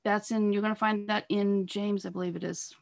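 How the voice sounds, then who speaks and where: A woman giving an earnest sermon over a video call, pressing her listeners with repeated rhetorical questions and halting now and then on fillers and restarts. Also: medium pitch, little pitch movement, gravelly, darkish tone. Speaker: speaker at a church talk on marriage.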